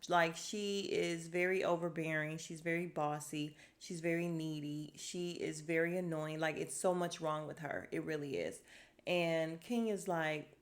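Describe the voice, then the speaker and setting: A woman with a lowish voice talks casually into a home podcast mic. Her delivery is sassy and animated, full of quick quoted asides. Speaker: podcast host recapping a reality show. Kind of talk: casual chat.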